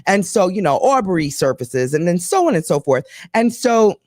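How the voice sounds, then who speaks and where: A woman's voice: lowish voice, moderate pace, no echo, clean studio sound. A woman co-hosting a live chat show, telling stories bluntly and swearing often. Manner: animated, blunt storytelling with frequent profanity. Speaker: podcast co-host.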